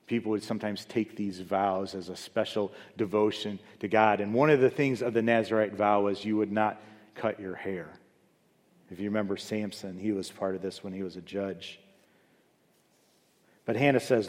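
A man preaching a sermon as pastor. He swings between loud, high emphasis and low, quiet asides. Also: expressive, moderate pace. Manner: rises loud and high for emphasis, then drops low and soft. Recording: long hall reverb.

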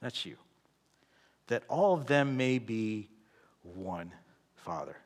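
A man preaching a conversational sermon in a church, often checking in with "right?" and moving between loud emphasis and quiet, low asides. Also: lively intonation, slow, pauses often. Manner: conversational, keeps asking "right?". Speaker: pastor.

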